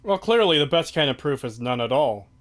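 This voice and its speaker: Man, slightly high pitch, sarcastic, casual stream chat. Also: big pitch swings, brisk, a bit bright. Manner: sarcastic, rambling asides. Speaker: stream host.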